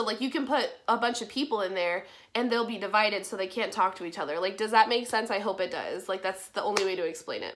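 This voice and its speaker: A woman's voice: on the high side, a bit bright. A young woman casually telling a personal story on her vlog, frank and full of swearing and "like". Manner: frank, swears a lot, heavy use of "like". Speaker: vlogger.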